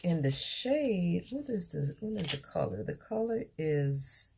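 A woman chatting excitedly in a casual unboxing vlog, recorded on a phone camera, halting with fillers. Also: lowish voice, creaky, a little hiss or hum. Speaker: beauty vlogger.

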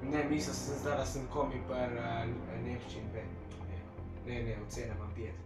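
A man's voice: mid-range voice, steady tone, moderate pace, loud music behind the voice. A teenage boy hosting a casual gaming video, goofing around, joking, swearing and laughing often. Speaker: gameplay host. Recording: roomy, distant mic, noisy background.

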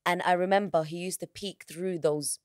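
A woman's voice: lowish voice, steady tone, normal speed, a little mellow, no echo, studio quality. A woman, a podcast guest telling a personal story candidly in frank, slangy words. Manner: frank, slangy, vivid retelling.

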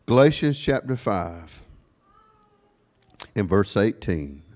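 A man preaching a sermon in a church, sprinkling his talk with amen and praise God, swinging from quiet asides to raised, ringing declarations. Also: lowish voice, very animated, slow pace. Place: church sanctuary.

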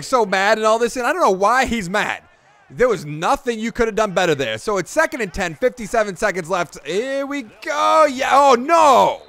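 A high-pitched young man narrating his football game run as a let's play. He gets loud and excitable on big plays, then drops into grumbling complaints. His voice sits well above the usual male range. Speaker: gaming YouTuber.

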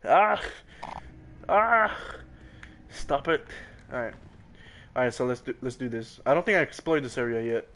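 A man chatting casually with a friend while streaming a game, excitable and crude, repeating words in quick bursts. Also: medium pitch, a little hiss or hum. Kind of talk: casual gaming chat with a friend.

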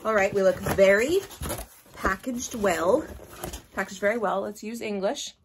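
A woman hosting a casual unboxing vlog, gushing and excitable, with gasps and squeals. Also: mid-range voice, measured pace, background noise. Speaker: vlogger host.

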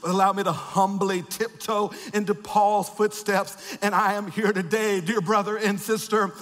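Male pastor, sermon delivery, high-pitched, long church reverb. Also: level tone, moderate pace. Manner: builds to shouted, repeated refrains with rhythmic preaching cadence; drops to quiet, joking asides to the congregation. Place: large church sanctuary.

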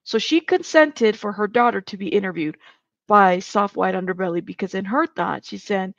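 A woman's voice: medium pitch, normal speed, no room sound, lo-fi sound. A woman co-hosting a live stream, bluntly saying she doesn't believe what she hears. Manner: blunt, incredulous. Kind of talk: casual live-stream commentary.

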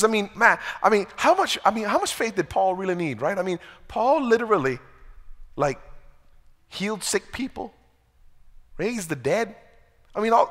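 High-voiced man preaching in a reverberant hall. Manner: conversational preaching, swings from loud pleading to hushed quotes. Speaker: pastor. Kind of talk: sermon. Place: large church hall. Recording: long church reverb.

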